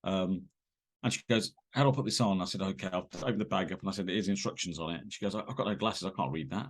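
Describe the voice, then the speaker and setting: A man, a guest on an interview podcast, telling rambling, animated anecdotes with many fillers and restarts. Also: low voice, quick pace, slightly rough.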